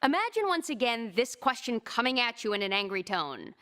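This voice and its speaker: A high-pitched woman speaks in a crisp, measured way as a presentation coach. Her scripted advice is laid out step by step in a calm instructional tone. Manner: crisp, measured advice with acted example quotes.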